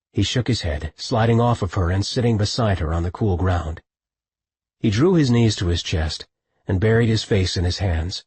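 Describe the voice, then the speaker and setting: A man narrating an audiobook in a low, husky voice. He is recorded close on a studio mic with a dry sound. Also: normal speed, a little mellow, no room sound.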